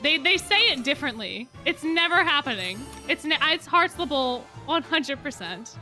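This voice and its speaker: Young woman streamer, high lively voice, gushing fan chatter with music under it. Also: moderate pace. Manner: excitable, repeats herself, gushing fan talk. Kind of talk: casual reaction chat. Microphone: desk mic.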